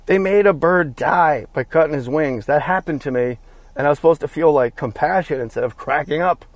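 A man telling a funny story in a casual comic monologue, profane and animated, laughing at his own tale. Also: on the high side, brisk, low-quality recording.

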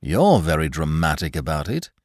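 A plodding, matter-of-fact police detective with a lowered, gruff tone that grumbles along, as a man reads him. The sound is close and dry. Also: big pitch swings, moderate pace, darkish tone, no room sound.

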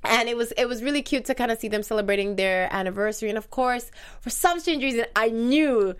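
A woman's voice: fairly high pitch, quick pace, clean tone. A woman co-hosting a casual show, chatting animatedly, laughing often and reading out listener comments. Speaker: podcast host. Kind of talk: casual recap chat.

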